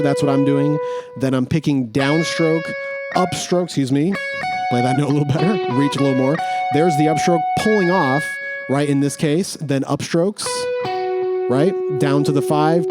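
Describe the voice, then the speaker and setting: A man teaching guitar in a casual way, thinking aloud as he goes and restarting phrases, with guitar playing in the background. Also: mid-range voice. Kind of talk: casual instructional explanation.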